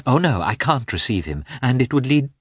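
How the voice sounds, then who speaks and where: A man reading aloud and voicing a troubled young noblewoman who speaks in a hurried, excited way. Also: medium pitch, slightly rough, dry recording, clean studio sound, pitched above the performer's own voice. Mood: hurried, uneasy. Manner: hurried, tense.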